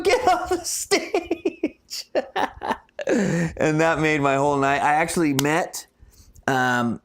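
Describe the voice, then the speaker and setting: A man's voice: medium pitch, fairly bright tone, slight background noise. A man co-hosting a casual live stream, telling rambling stories that trail off mid-thought. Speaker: co-host.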